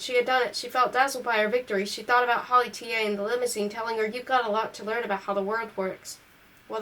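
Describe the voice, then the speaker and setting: Female amateur audiobook reader, fairly high pitch, self-corrects. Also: fairly bright tone, poor audio. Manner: reads on through slips and self-corrections. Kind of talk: amateur novel reading.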